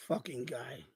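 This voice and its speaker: A man's voice: mid-range voice, breathy edge. A man hosting a live stream, ranting angrily and profanely at a viewer in the chat. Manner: angry, profane, repetitive rant.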